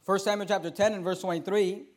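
A man with a high voice delivers a sermon. He reads scripture at a slow, deliberate pace. He drops to quiet asides, then pushes his points louder and with more force. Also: steady tone. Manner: emphatic, swings between quiet and loud, reads scripture slowly. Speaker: preacher.

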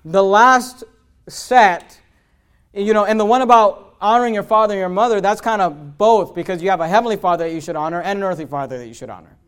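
A man, a pastor, preaching a sermon in a fervent way, mixing chatty asides full of restarts with loud, emphatic passages that build up. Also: sits high, a little fast, clean tone. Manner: conversational asides with fillers and restarts.

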